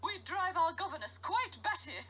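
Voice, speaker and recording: A woman's voice: very high voice, sing-song, normal speed, fairly bright tone, a little hiss or hum, full character voice. An actress playing a refined, teasing older English lady in a mystery game. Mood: amused. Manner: refined, teasing, theatrical laughter. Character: genteel older English lady, fond of rhymes.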